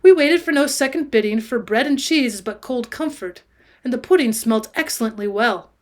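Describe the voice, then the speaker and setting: A woman's voice: fairly high pitch, expressive, moderate pace. A woman reading a classic novel aloud for students, raising her voice for the dialogue. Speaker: audiobook reader and teacher.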